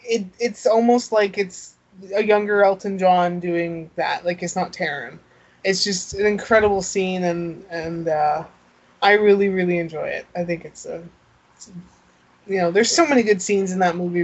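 A woman's voice: fairly low pitch, moderate pace. A woman co-hosting a casual chat, laughing often and restarting her sentences. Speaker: podcast co-host. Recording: dull lo-fi sound.

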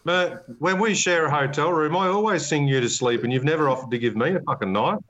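A man's voice: fairly high pitch, fairly quick, fairly bright tone, muffled recording. Rambling, laughing podcast host man. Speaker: podcast host, knife maker. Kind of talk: casual chat.

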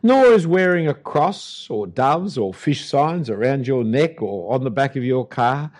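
Emphatic older Australian preacher. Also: male voice, medium pitch, animated, measured pace, a little mellow. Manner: emphatic, dry humour, punchy lists. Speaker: Anglican preacher. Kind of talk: sermon.

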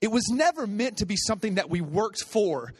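A middle-aged man preaching a sermon as a pastor, telling stories in a conversational way and building to animated, excited peaks. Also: high voice, a little fast, husky. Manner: conversational storytelling with repetitions.

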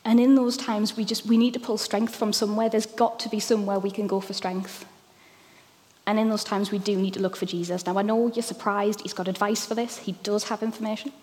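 A preacher in her thirties gives a sermon in a warm, candid, conversational way, scattering ums throughout. Her middle-pitched voice is delivered flatly and briskly, and a long hall reverb trails each phrase.

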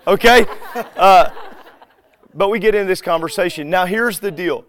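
Guy giving a chatty talk to a crowd, acting out little conversations, clean clear voice. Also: high voice, moderate pace. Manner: animated storyteller who acts out dialogue. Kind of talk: conversational teaching talk to a live audience.

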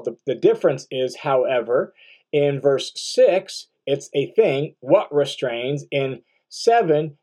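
A man's voice: mid-range voice, a little mellow. A middle-aged man teaching through a Bible passage verse by verse, explaining word meanings and repeating key phrases, often checking in with "right?".

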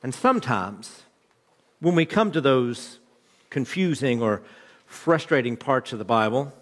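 Pastor, thirties, male, mid-pitched, chatty jokey sermon delivery, hall echo. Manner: conversational, joking storytelling. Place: church hall.

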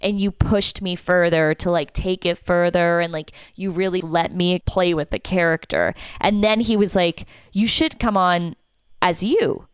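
Animated young woman telling a story. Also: lowish voice, a little slow, clear, resonant tone, no room sound, clean studio sound. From Canada. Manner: animated, acts out quotes. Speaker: comedian and podcast co-host. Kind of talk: casual podcast storytelling.

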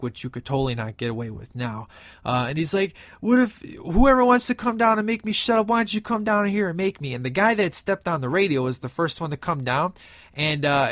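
Male podcast host, slightly high voice, dry close sound, loose fan-style recap delivery. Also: dry recording. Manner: animated, acts out movie quotes in between; frequent fillers, rambling retelling. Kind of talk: casual movie recap.

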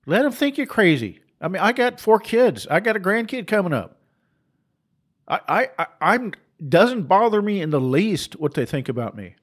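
A middle-aged man delivering an impassioned monologue, forceful and preachy, with laughing asides and mocking voices. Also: high voice, very animated, normal speed.

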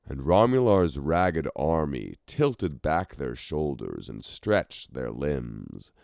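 Deep-voiced man narrating a fantasy story. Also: creaky, dark tone, no room sound, studio quality.

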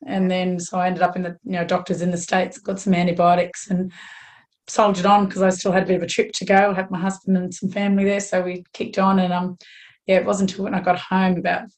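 A middle-aged Australian woman with a slightly croaky voice, chatting frankly and at length as a podcast guest. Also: fairly low pitch, monotone, fast, darkish tone. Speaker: guest runner. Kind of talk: casual chat.

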